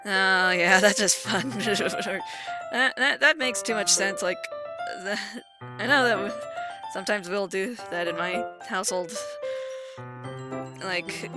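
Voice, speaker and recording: A woman's voice: medium pitch, takes it slowly, long pauses. A young woman hosting a playthrough, reading a visual novel's text aloud with stumbles and giggly asides of her own. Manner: reads narration with stumbles and restarts, breaks into giggly asides. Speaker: let's play host. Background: game music.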